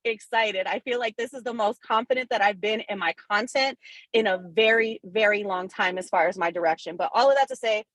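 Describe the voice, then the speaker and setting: A woman real estate agent sharing her wins on a coaching call, candid, excited and quick to swear. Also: mid-range voice, dry recording, poor audio. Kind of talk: casual testimonial in a coaching call.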